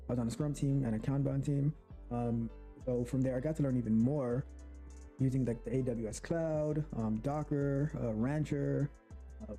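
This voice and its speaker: A man gives a recorded self-introduction about his working life. He speaks hesitantly and pauses often. His voice sits at an ordinary middle pitch, with faint music behind him. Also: dark tone. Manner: hesitant, with many pauses and fillers. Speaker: quality assurance engineer.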